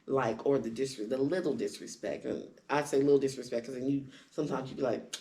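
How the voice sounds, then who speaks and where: A woman candidly telling her own story in conversation, acting out quoted lines with sudden jumps in pitch. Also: fairly even intonation, brisk, warm tone. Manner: acts out quoted dialogue with big pitch jumps. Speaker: guest sharing her story.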